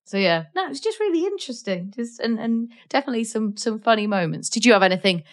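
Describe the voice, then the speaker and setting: A woman's voice: mid-range voice, very animated, fairly quick, few pauses. A Welsh woman co-hosting a casual film chat, chatty with many fillers and restarts. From Wales. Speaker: podcast co-host.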